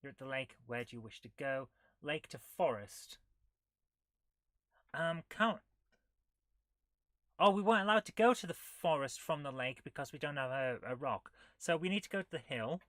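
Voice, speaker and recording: A woman's voice: sits low, animated, moderate pace, long pauses, no room sound, clean studio sound. A woman, hosting a retro game playthrough, reading the game's text aloud with wry, jokey asides. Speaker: retro gaming host. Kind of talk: casual game playthrough commentary.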